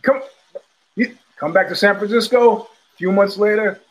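An older man hosts a podcast, a casual talk show in which he rambles through stories and acts out the voices of people he quotes. His voice is high-pitched, his speed normal, and there is slight background noise.

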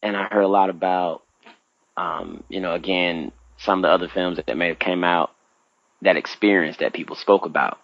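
Man, 30s, low-pitched, lively casual storyteller; dry, slightly muffled recording. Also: moderate pace, no echo. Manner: animated, acts out his own past reactions with big pitch jumps.

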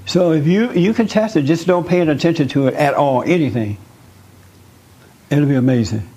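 An earnest male teacher preaching to a small group, coaxing them along with questions and repeated words. His voice sits a little high for a man. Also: normal speed, warm tone, husky, low-quality recording. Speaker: spiritual teacher leading a group. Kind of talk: interactive sermon with audience questions.

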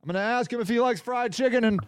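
A man's voice: very high-pitched, fast, clear, resonant tone, dry recording, clean studio sound. A man hosting a casual solo podcast, reading viewer comments aloud in a rambling, sarcastic way. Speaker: podcast host.

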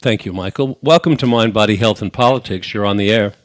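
A man's voice: fairly low pitch, brisk. An older man from New York with a New York accent, hosting a radio call-in show and talking in a conversational way with many fillers and restarts. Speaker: radio talk show host. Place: radio studio.

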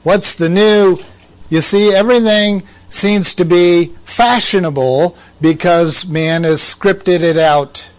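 A man's voice: high-pitched, slow pace. A man giving conversational Bible teaching, asking rhetorical questions and making asides to his listeners.

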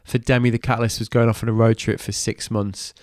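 A man's voice: on the low side, level tone, quick pace, a little mellow, dry recording, studio quality. A man from Manchester with a cold that makes him nasal, hosting a podcast with a cheeky, enthusiastic manner. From Manchester, England. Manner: enthusiastic, cheeky, swears casually. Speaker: podcast host. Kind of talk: scripted intro, then casual interview chat.

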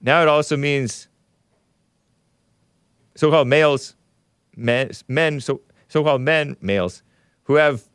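Animated male live-stream host, dry close mic. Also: mid-range voice, takes it slowly, pauses often, clean tone, no room sound. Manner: animated, laughing, sighing, groaning in disgust. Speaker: show host reading super chats. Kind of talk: casual live-stream talk.

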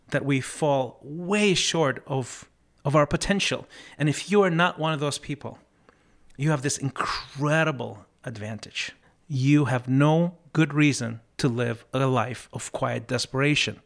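A male podcast host shares life lessons on his motivational show, sounding earnest and reflective. He tells stories casually, frequently restarts phrases, and slows to emphasize key points. His mid-range voice is gravelly with a fairly bright tone.

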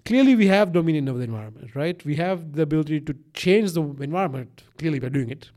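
A man's voice: a little high, fast talker. Rambling, profane man with a mixed accent. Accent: mixed, slight Eastern European. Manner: rambling, profane, animated, laughs often. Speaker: podcast co-host. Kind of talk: casual podcast chat.

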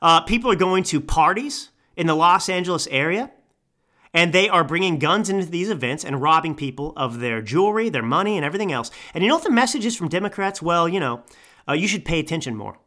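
Angry, animated ranting man. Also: high voice, fast. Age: 30s. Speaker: podcast host. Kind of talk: political commentary rant. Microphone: studio microphone.

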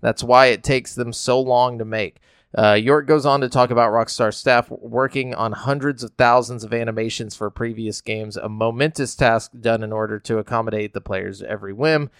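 A man's voice: medium pitch, fairly even intonation, normal speed, clear, resonant tone, dry recording, studio quality. A man hosting a casual gaming news podcast, reading out quotes and rambling loosely between them. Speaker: podcast host.

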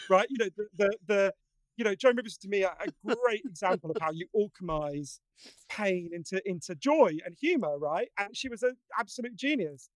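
High-voiced, earnest male guest. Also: fairly quick, no room sound. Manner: earnest, animated storyteller with frequent restarts. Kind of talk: casual conversation.

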